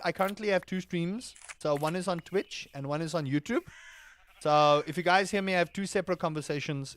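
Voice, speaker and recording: A man's voice: on the high side, fairly bright tone. A man streaming a game, rambling and joking at his own expense while he reads and answers his chat. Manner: rambling, self-mocking, reading chat aloud. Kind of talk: casual live-stream chat.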